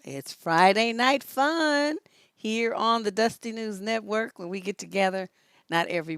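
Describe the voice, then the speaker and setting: A woman relationship coach hosting a casual live stream, telling stories in an animated way and laughing often. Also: fairly low pitch, smooth, dry recording, clean studio sound. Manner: animated storytelling, laughs often, rises to loud peaks.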